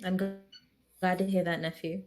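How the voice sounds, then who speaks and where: A woman player in a tabletop game, answering gently in character. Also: on the low side, little pitch movement, moderate pace. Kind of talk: tabletop role-play.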